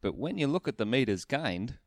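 A man's voice: medium pitch, big pitch swings, brisk, no echo. A man, co-hosting a casual football podcast, analytical and stat-driven with dry humour. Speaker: podcast co-host. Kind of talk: casual sports chat.

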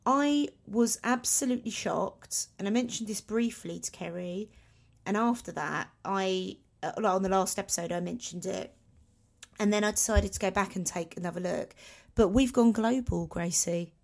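A woman's voice: medium pitch, normal speed, gravelly. A woman co-hosting a podcast in casual chat, rambling and self-mocking. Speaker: podcast co-host.

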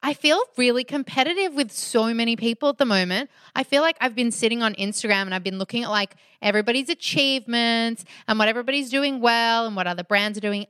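Woman host, smooth clear voice, dry room, just spilling her feelings. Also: on the high side, a bit bright, dry recording. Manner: candid, confessional, talks in long run-on sentences. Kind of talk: casual chat.

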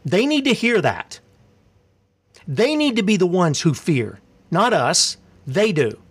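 A man's voice: high voice, very animated, takes it slowly, fairly bright tone, slightly rough. A man preaching a sermon, fiery and confrontational, asking rhetorical questions and reading scripture aloud.

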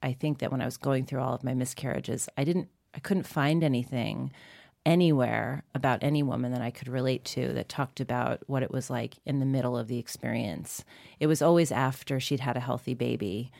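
A woman in her forties with a very deep voice carries this interview. Her voice is gravelly with a dry, close sound, and she asks her questions in a thoughtful, measured way. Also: darkish tone, no echo. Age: 40s. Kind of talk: conversational interview.

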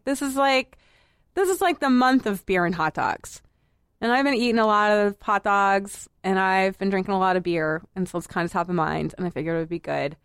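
A woman's voice: medium pitch, fairly bright tone, smooth, no echo, studio quality. A woman from the area, hosting a casual podcast and pleading with her co-host in exasperation. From Boston area, Massachusetts. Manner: exasperated, pleading, fast asides.

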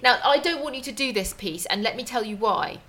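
A woman chatting casually as a podcast co-host, brisk and teasing as she chides her partner. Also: on the high side, sharp tone. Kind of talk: casual chat.

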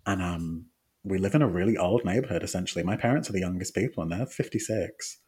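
A man's voice: low voice, fast talker, a little mellow, slightly rough. A young man co-hosting a podcast, chatting casually with laughs and the odd swear. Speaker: podcast co-host. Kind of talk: casual chat.

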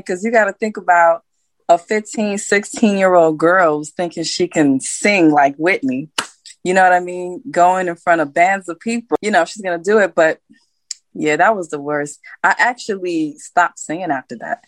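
A woman singer talks as a guest in a casual interview, in a very low voice. She tells her stories candidly and laughs often. The sound is dry and close. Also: moderate pace, no room sound. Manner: candid storytelling with frequent laughs.

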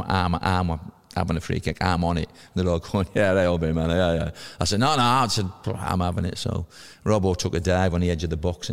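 A man in his fifties, a podcast guest telling lively anecdotes and acting out the voices of people he quotes. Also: low-pitched, vocal fry, big-room sound. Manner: lively storyteller who acts out quoted voices. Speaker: podcast guest, former footballer.

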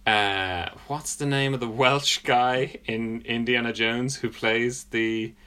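A man's voice: medium pitch, steady tone, slow, sharp tone, clean tone. A British man in a casual comedic chat, rambling through self-deprecating stories. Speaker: podcast co-host.

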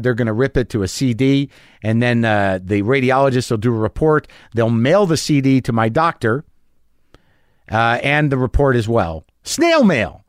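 A middle-aged podcast host tells a story in a neurotic, self-deprecating way. His voice is mid-pitched, and the recording is dry and close, with no room sound. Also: dry recording. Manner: anxious, self-mocking storytelling with quoted voices. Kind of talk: monologue.

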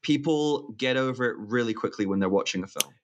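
A man co-hosting a casual movie podcast, speaking in a thoughtful, wry, measured way. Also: mid-range voice, highs cut off, a little hiss or hum. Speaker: podcast co-host.

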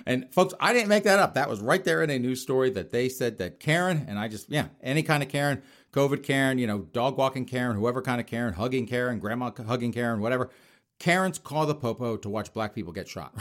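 A man hosting his podcast in a casual monologue, mocking and laughing often. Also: medium pitch. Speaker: podcast host.

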